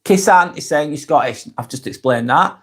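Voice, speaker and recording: Hosting a relaxed live stream, a Lancashire-accented man from Northwest England reads out comments from viewers and replies to each by name, plainly and directly. He speaks at a normal speed in a slightly high, expressive voice.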